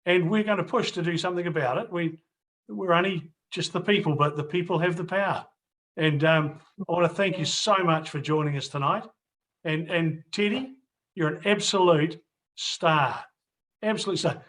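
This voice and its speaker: A man's voice: fairly high pitch, moderate pace, fairly bright tone. A middle-aged man hosting a casual interview, rambling, restarting and repeating his phrases. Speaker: host. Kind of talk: casual video interview and wrap-up to viewers.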